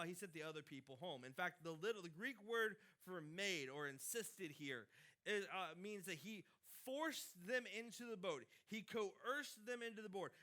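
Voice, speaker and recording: A man delivers a sermon from the stage in a bright, forceful voice that sits a little high for a man. He talks casually, pushing hard on some phrases and dropping low on others. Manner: conversational preaching with dynamic swings in loudness. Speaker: pastor.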